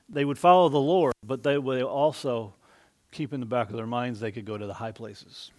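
A man preaching a conversational sermon, rising for emphasis and dropping soft. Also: medium pitch. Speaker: pastor.

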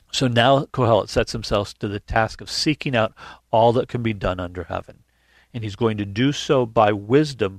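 A man's voice: on the low side, creaky, no echo. A man preaching a sermon in an earnest teaching tone, reading scripture aloud and often restarting his phrases. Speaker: pastor.

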